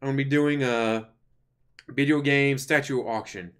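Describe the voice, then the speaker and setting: A man's voice: medium pitch, steady tone, normal speed, clean tone. A man hosting a reaction stream, making mocking, sarcastic remarks over a clip.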